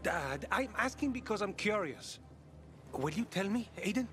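A man's voice: high-pitched, lively intonation, normal speed, fairly bright tone. An actor playing a curious, earnest young male villager in a video game, asking questions eagerly. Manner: inquisitive, earnest. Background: game music.

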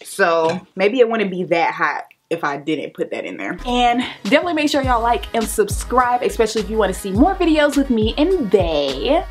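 Slangy woman vlogger with a lively voice. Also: medium pitch, normal speed, few pauses, faint music behind. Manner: slangy, playful, talks to her viewers. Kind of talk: casual vlog chat.

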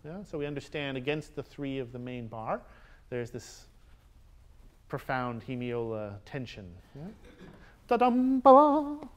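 A man teaching a master class, coaching players and singing rhythms out loud, often checking with a quick "yeah?". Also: medium pitch, a little hiss or hum. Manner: sings rhythms aloud, frequent checking "yeah?". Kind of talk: coaching musicians, singing phrases. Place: concert hall with instruments playing.

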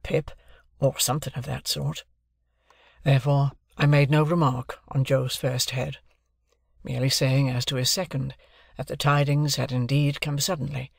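A man reading a classic novel aloud as an audiobook narrator, measured and even in his delivery. His pitch sits at an ordinary middle for a man. The sound is dry and close, with no room around it. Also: creaky, breathy edge, dry recording.

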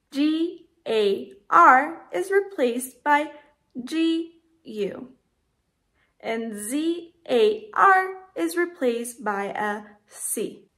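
Slow, careful woman teaching Spanish. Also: fairly high pitch, sharp tone. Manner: slow, careful, spells out letters and conjugations. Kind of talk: scripted lesson narration.

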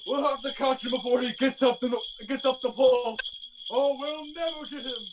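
An elderly Santa in a school stage play, acted by a young woman, calling out to his reindeer. The voice is high and excited, heard from far off the mic. The recording carries a clear hiss of noise. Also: brisk, close to an everyday voice. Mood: urgent. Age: young adult. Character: jolly elderly Santa driving his sleigh. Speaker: student actor. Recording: distant, noisy stage recording.

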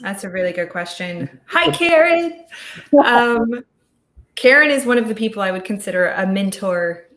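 A woman's voice: medium pitch, lively intonation, normal speed, fairly bright tone. Chatty woman on an echoey call. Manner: chatty, thoughtful, with frequent restarts. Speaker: audio studio founder, guest speaker. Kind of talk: casual virtual talk.

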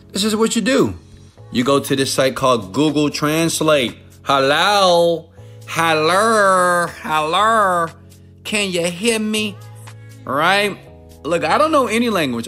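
A man with an ordinary mid-range voice delivers an energetic sales pitch straight to his viewers. He is pushy and emphatic, hammers home short repeated lines, and keeps checking in with "okay?" and "right?". Faint music plays underneath. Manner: repetitive, punchy hype phrasing. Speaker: online money-making presenter.

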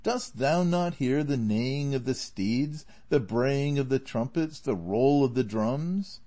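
A man's voice: medium pitch, expressive, takes it slowly, warm tone. Don Quixote, a man doing a grandiose old knight. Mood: lofty. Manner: lofty archaic speech, declaiming. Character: pompous deluded old knight, grandly archaic.

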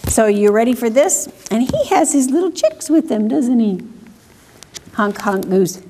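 A woman reading picture books aloud at a children's story time, asking questions and making animal sounds in a slow, sing-song way. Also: a little high, very animated, mellow, a little hiss or hum.

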